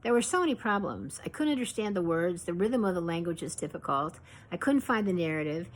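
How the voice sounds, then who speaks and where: Low-voiced woman reading her memoir. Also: lively intonation, poor audio. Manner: measured, reflective.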